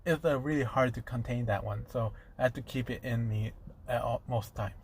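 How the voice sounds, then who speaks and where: A man voicing a nervous, secretive teenage boy hero who speaks in a halting, hesitant way. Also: mid-range voice, fairly even intonation, a little hiss or hum, natural voice.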